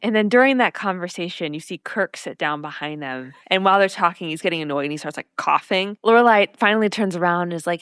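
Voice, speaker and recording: A woman's voice: fairly low pitch, fast talker, few pauses, smooth, no echo, clean studio sound. A woman co-hosting a podcast, chatting casually about a TV episode, acting out lines and laughing often. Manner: animated, acts out quotes, laughs often. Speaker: podcast co-host. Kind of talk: casual chat recapping an episode.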